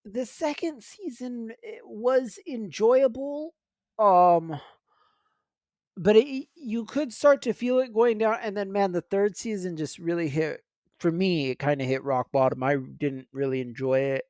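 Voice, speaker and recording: Animated guy cohosting a nerd podcast, dry close mic, keeps restarting and laughing. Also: high-pitched, unhurried, no room sound. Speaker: podcast co-host. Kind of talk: casual chat.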